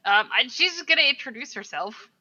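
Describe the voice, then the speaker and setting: A woman's voice: fairly high pitch, expressive, normal speed, pushed and bright. A woman playing a tabletop game, talking casually and hesitantly with lots of fillers. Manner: hesitant, lots of likes and ums. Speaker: player. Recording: dull distant mic.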